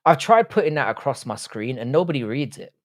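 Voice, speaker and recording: A man's voice: medium pitch, sing-song, fairly quick, dry recording. Swearing, bantering man, dry sound. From United Kingdom. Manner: profane, bantering, slangy. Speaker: livestream host. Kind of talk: casual livestream chat reading viewer comments.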